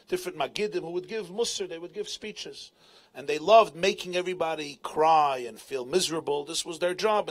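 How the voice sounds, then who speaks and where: A man, a rabbi, telling a story at a live event, animated, acting out voices, laughing often and dropping Hebrew and Yiddish terms. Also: a little high, husky. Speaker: rabbi and speaker. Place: event tent.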